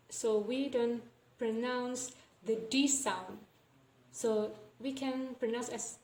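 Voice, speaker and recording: A young woman presenting as a student, explaining slowly and repeating each phrase with care. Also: on the high side, mellow. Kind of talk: slow classroom explanation. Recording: echoey room with faint ambient noise.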